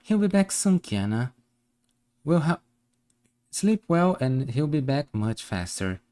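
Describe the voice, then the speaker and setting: A man voicing a soft, gentle mother. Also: fairly high pitch, very animated, takes it slowly.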